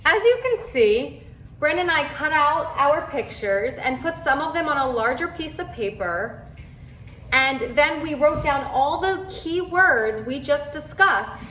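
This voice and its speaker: A woman cantor giving a measured, carefully explained lesson. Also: high-pitched, fairly bright tone, slight background noise. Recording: roomy echoey sound.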